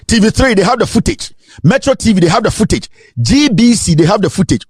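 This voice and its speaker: A Ghanaian man giving a fiery political rant, his fairly high voice leaping up and down as he fires off repeated rhetorical questions. He slips between English and Twi, sometimes in a sing-song lilt, and the sound is dry and close, with no room around it. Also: dry recording. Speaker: political commentator.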